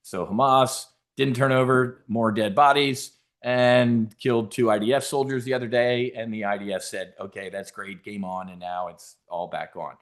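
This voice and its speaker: A man's voice: mid-range voice, moderate pace, hardly any pauses. A man hosting a trading seminar in a brash, casual way, cracking jokes, swearing, and stumbling over restarts as he talks. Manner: brash, animated, swearing, jokey asides. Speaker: options trading host.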